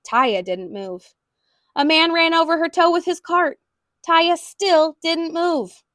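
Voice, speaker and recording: A woman reading a children's storybook aloud in an expressive way. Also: sits high, dry recording, studio quality. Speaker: storybook reader.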